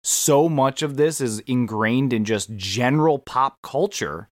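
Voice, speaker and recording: A man's voice: mid-range voice, a little slow, no room sound, studio quality. A man co-hosting a podcast in casual chat, gushing and enthusiastic, often restarting his sentences. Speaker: podcast co-host.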